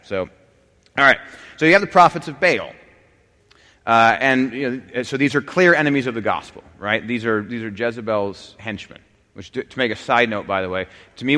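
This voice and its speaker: A man teaching the Bible in an animated way, with frequent restarts and side notes. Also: lowish voice. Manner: animated, many restarts and asides. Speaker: preacher. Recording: long hall reverb.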